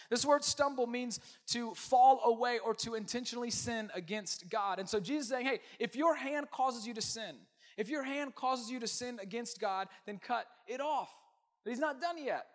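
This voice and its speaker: A man preaching a sermon as pastor, emphatic, swinging from loud declarations to hushed asides. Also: high-pitched, fairly quick.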